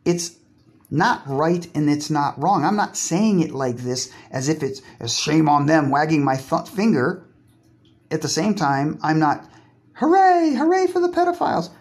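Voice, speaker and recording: This man's voice is fairly high and unhurried. He's alone in a bathtub recording a podcast monologue, sarcastic, provocative and full of profanity, frequently cutting off words and starting them again.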